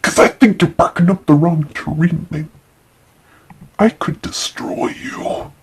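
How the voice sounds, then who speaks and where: A woman putting on a brash, tough young male villain's voice for a comic skit in her vlog, loud and swaggering. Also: deep voice, takes it slowly, breathy edge, pitched below the performer's own voice, heavily acted.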